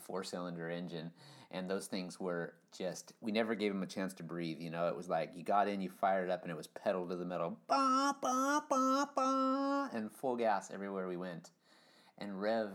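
A man with a very low voice tells stories on a podcast. He rambles and restarts often, leaning on fillers as his energy rises and falls. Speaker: podcast guest. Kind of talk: casual storytelling.

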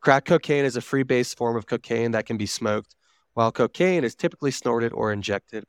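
A man's voice: mid-range voice, brisk, clean tone, no echo, clean studio sound. A man co-hosting a podcast, reading out notes in a casual, swearing manner while wheezing from asthma. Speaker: podcast co-host.

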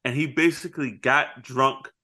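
A man's voice: mid-range voice, steady tone, sharp tone. Man retelling a movie, acting out lines. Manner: retells scenes, acting out lines in quick voices. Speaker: podcast co-host. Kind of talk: casual movie review chat.

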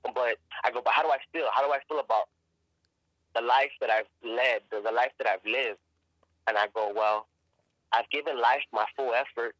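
A man's voice: medium pitch, fairly even intonation, normal speed, a bit bright, no room sound, rough recording. A man, an actor guest on a podcast, telling a personal story in a casual, emphatic way, swearing freely and often repeating and restarting words.

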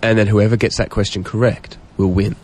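A man's voice: lowish voice, little pitch movement, brisk. A man radio host with an Australian accent, bantering in a jokey, competitive way and calling people mate. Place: radio studio.

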